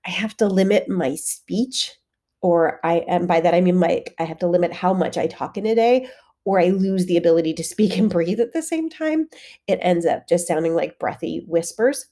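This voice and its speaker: Female fitness coach hosting her podcast, congested and a bit nasal, relaxed and candid. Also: on the low side, moderate pace. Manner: candid, conversational, with frequent fillers. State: congested, head-cold voice. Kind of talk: solo podcast monologue.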